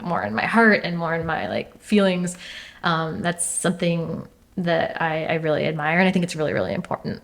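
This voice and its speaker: A young adult woman chatting as an interview guest, thoughtful, with many fillers and restarts. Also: fairly low pitch. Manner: thoughtful, frequent fillers and restarts, laughs easily. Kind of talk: casual interview chat.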